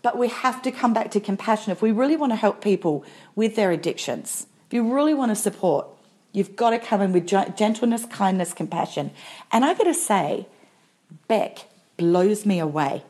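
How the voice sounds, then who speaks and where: A woman's voice: medium pitch, expressive, normal speed, a little mellow, breathy edge. Frank, emphatic woman podcast host. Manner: frank, emphatic, acts out quoted voices. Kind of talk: casual podcast chat.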